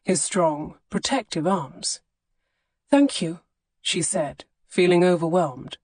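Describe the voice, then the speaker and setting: A woman narrating a historical romance audiobook in a measured, expressive reading on a close studio mic. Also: lowish voice, dry recording. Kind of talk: scripted narration.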